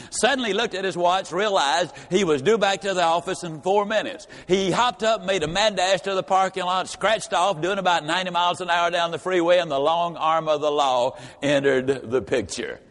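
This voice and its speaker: This is a male motivational speaker telling a story in a folksy, emphatic way. His voice sits a bit higher than usual. There is the long reverb of a big hall. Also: fairly bright tone. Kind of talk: storytelling speech.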